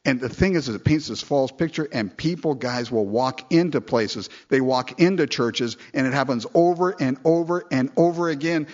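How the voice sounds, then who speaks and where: A man preaching a sermon in a conversational, animated way, often chatting with listeners as he goes. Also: muffled recording. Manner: conversational, animated, mimics people in falsetto quotes.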